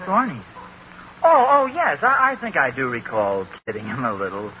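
Male actor, bumbling evasive husband, stammering, lively high voice, vintage radio hiss. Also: moderate pace, natural voice. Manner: hesitant, stammering, sheepish. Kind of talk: 1940s radio sitcom acting. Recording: dull, faintly hissy old radio recording.

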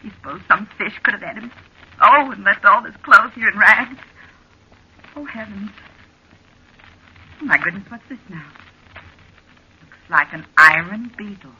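A man's voice: high-pitched, animated, measured pace, pauses often, bright, forceful tone, slightly rough, exaggerated voice. A man playing a fussy, scatterbrained woman in an old-time radio comedy, full of flustered exclamations. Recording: dull lo-fi old radio recording.

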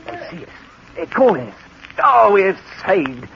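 A dogged, pleading castaway with a strikingly high, thin voice, pushing his companion to keep going. The sound is muffled and lo-fi, like an old radio broadcast with faint hiss. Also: huge pitch swings, a little slow, gravelly, full character voice. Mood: excited. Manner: pleading, insistent, turning horrified. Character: stubborn, hopeful castaway man urging his partner. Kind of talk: 1940s radio acting.

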